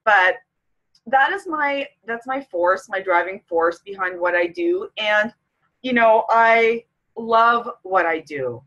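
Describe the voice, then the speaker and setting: A middle-aged woman from Canada speaks candidly to camera in a personal vlog. She is emotional and close to tears throughout, with a voice of ordinary middle pitch. She talks as a fitness coach. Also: animated, slow, a bit bright, dull audio.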